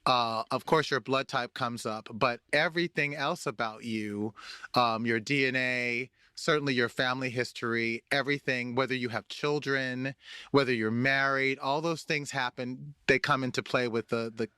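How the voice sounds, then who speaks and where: A man, a guest, telling a personal story in conversation, animated, often repeating and restarting words. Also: medium pitch, normal speed, smooth, dry recording, studio quality.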